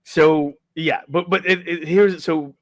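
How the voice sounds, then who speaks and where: A man's voice: a little high, steady tone, takes it slowly. A middle-aged man, a podcast guest and life coach, telling a story casually and acting out the quotes, often tagging lines with "right?".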